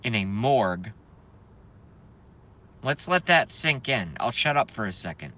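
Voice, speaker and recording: Man in a bright, heated rant. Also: lowish voice, very animated, unhurried. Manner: heated, emphatic, repeats phrases. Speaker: live-stream host. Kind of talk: impassioned live-stream rant.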